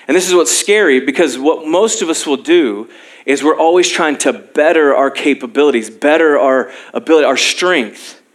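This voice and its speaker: A young male pastor with a fairly high voice, preaching from a church stage. He tells personal stories with self-deprecating humor, laughing often as he goes. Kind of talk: sermon.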